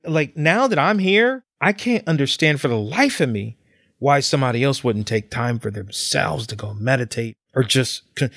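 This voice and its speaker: A man's voice: mid-range voice, big pitch swings, fairly quick, a bit bright, dry recording, studio quality. A man talking on a podcast, swearing freely and getting fired up as he preaches about facing who you are. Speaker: podcast guest. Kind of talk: casual podcast chat.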